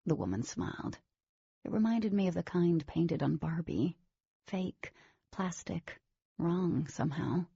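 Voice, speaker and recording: A woman's voice: lowish voice, expressive, measured pace, vocal fry, dark tone, slightly rough, dry recording, muffled recording, full character voice. A woman narrating a novel as a wary teenage girl, in scripted audiobook style.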